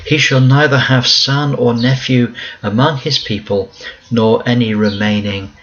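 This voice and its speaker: Man teaching scripture, slow and emphatic. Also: medium pitch, steady tone, fairly bright tone, highs cut off. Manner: reads scripture aloud, then explains it in plain conversational words; slow and emphatic, repeats key words. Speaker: Bible college teacher. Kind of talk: Bible teaching lesson.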